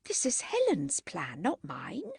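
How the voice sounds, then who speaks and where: A woman's voice: fairly high pitch, huge pitch swings, slow, gravelly, a little mellow, breathy edge, no room sound, exaggerated voice. An earnest young lady pleads and questions, her voice lifting and falling freely. The sound is dry and close, with a woman narrator voicing her.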